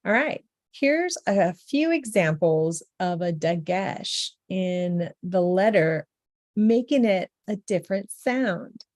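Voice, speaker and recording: Woman, very slow pace, mellow low voice, patient teacher, dry close sound. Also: expressive, dry recording. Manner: slow, patient, repeats each sound several times. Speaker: language teacher. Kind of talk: beginner language lesson.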